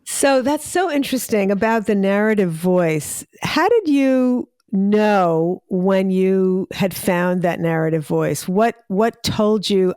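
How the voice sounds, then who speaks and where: A woman's voice: mid-range voice, lively intonation, takes it slowly, hardly any pauses, darkish tone, smooth, no room sound, studio quality. A woman hosting an interview, reflecting the guest's points back in a thoughtful, affirming way. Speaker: host. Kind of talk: casual interview conversation.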